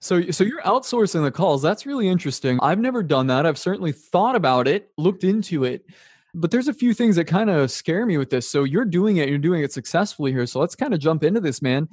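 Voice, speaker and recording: Quick, dry-sounding male podcast host. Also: a little high, animated, darkish tone, slightly rough, dry recording. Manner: chatty, quick to agree and build on points. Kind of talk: casual podcast conversation.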